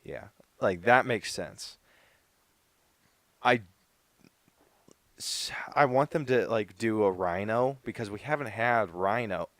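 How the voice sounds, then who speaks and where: A man's voice: lowish voice, slow, pauses often, fairly bright tone, dry recording. A young man co-hosting a podcast, chatting casually and rambling with lots of "like" fillers. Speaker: podcast co-host. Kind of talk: casual chat.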